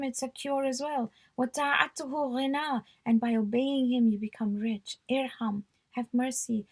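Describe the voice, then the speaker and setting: Earnest woman teacher with a gravelly voice. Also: a little high, a little mellow. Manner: earnest, switches between recited prayer lines and plain explanation. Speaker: religious teacher. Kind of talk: live religious talk explaining a supplication.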